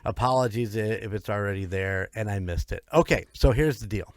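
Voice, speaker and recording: A man's voice: on the low side, a little fast, no room sound. A man co-hosting a casual paranormal podcast, joking at his own expense and swearing now and then. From United States. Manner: self-deprecating, swears casually, laughs often. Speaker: podcast co-host.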